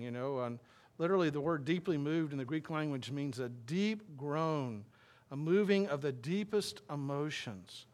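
Conversational man preaching a sermon. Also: fairly high pitch. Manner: conversational, with frequent restarts and stammered "and, and"; reads scripture aloud slowly, then explains it plainly. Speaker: pastor.

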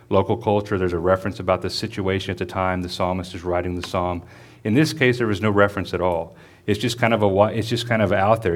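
A man preaching a sermon in a church as the pastor, reading scripture slowly and then explaining it in a conversational way. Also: on the low side.

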